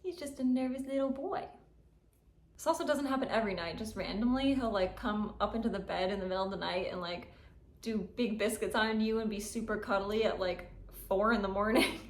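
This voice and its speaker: A woman vlogs at home about her cat, gushing and giggling while saying "like" a lot. Her medium-pitched voice moves fairly quickly, in a roomy, echoey space.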